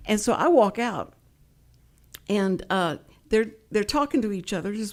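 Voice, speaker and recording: A woman's voice: mid-range voice, lively intonation, moderate pace. A woman hosting a community radio talk show, telling rambling, playful stories in casual chat. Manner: chatty, rambling storyteller, playful.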